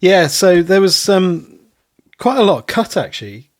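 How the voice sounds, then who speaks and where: A man co-hosting a podcast in casual chat, rambling and pausing on many ums. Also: high voice, sing-song, no room sound, clean studio sound. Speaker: podcast co-host.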